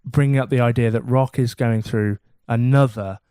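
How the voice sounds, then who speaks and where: A man's voice: mid-range voice, fairly even intonation, warm tone, smooth, no room sound, clean studio sound. A man co-hosting a comedy podcast, teasing and bantering in casual chat. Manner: teasing, bantering, quick to laugh. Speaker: podcast co-host.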